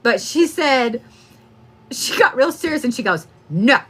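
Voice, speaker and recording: A woman's voice: high-pitched, animated, measured pace, fairly bright tone, breathy edge. A young woman giving a casual psychic reading, laughing often and swearing freely. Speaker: psychic medium. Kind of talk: live-stream reading.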